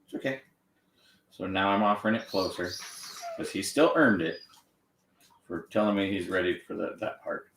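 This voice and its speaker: A man training a dog on camera, gently encouraging it and explaining each step. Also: deep voice, normal speed, pauses often, distant mic. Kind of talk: live training demonstration with explanation. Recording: echoey room, off-mic, faint noise.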